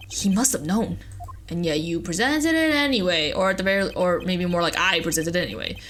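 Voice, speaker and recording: A woman's voice: lowish voice, a bit bright, a little hiss or hum. A young woman giving offhand commentary while playing through a story game, swearing now and then. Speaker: let's play streamer.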